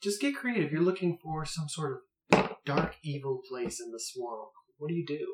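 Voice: mid-range voice, moderate pace, roomy sound, slight background noise. A game master narrating a tabletop game in loose, rambling descriptions full of filler words.

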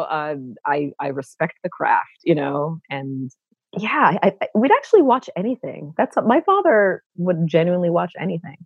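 Woman, middle-aged, from Brooklyn, contralto, animated storyteller, interview guest, dry dull call audio. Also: husky, dry recording. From Brooklyn, New York. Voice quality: low contralto voice. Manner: expressive, animated storyteller who acts out quoted voices. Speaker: guest, actor and educator.

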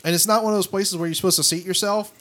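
A man co-hosting a podcast with a slightly high voice, teasing the others with crude, mocking, profane jokes. He comes across loose and irreverent. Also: steady tone, racing, bright, forceful tone. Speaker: podcast co-host. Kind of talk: crude casual banter.

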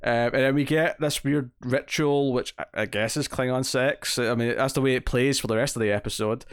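A man's voice: mid-range voice, steady tone, a little fast, smooth, no echo, clean studio sound. A man co-hosting a podcast. He chats casually and rambles, with many fillers and restarts. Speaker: podcast co-host. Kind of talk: casual chat.

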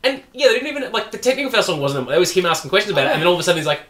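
Lively, fast-talking man in an echoey room. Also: sits high. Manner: rambling, trails off and restarts with fillers. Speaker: podcast co-host. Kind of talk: casual chat. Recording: roomy echo.

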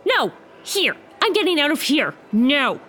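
An actress playing an earnest, exasperated young woman trapped in a magic bag, quick to protest. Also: high voice, very animated, sharp tone, exaggerated voice.

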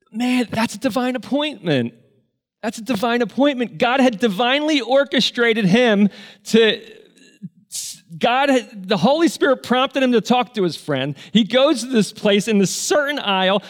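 A man preaching a sermon, telling stories in an earnest, emotional way. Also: very high voice. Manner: earnest, emotional, tearful at moments. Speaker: pastor. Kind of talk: sermon storytelling.

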